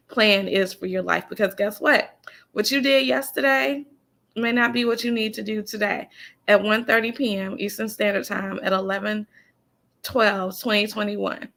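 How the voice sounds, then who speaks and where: Woman coach, faith-driven pep talk, folksy and preachy, slight fry in the voice. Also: medium pitch, sharp tone. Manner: preachy, emphatic, repeats key phrases; folksy, addresses listeners as y'all and honey. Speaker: business coach and author. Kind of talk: faith-based motivational talk.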